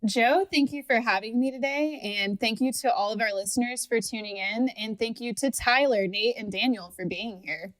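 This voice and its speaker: A woman's voice: a little high, moderate pace, hardly any pauses, a bit bright, no room sound. A woman co-hosting a podcast in casual chat, upbeat and chatty. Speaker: podcast co-host.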